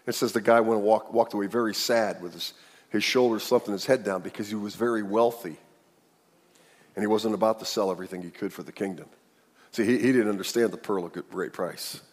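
Telling a story from the pulpit, this pastor acts out each person in it for the congregation. He speaks a little quickly in a lowish voice, with the long reverb of a hall around him.

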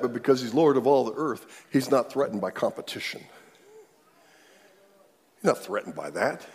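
A man preaching a sermon, animated, his voice leaping up and growing loud when he acts out quotes. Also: mid-range voice, normal speed, pauses often, breathy edge, big-room sound, some chatter behind. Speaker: pastor.

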